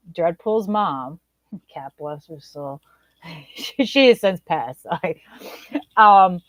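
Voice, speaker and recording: A woman co-host tells her stories in a relaxed chat. Her delivery is animated and incredulous, and her pitch leaps up when something shocks her. The sound is dry and close. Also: no echo. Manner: animated, incredulous storytelling with big pitch jumps. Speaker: podcast co-host. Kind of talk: casual chat.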